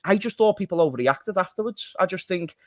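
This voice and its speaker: A man hosting a casual football talk show, chatty and quick to tease his co-hosts. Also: sits high, expressive, a little mellow, no echo, studio quality. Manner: chatty, teasing banter. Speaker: podcast host.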